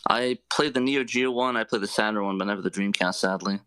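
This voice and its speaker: A man's voice: lowish voice, brisk, bright, forceful tone, smooth, no echo. A man from New Jersey on a gaming livestream, teasing and trash-talking the others. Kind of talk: casual gaming chat.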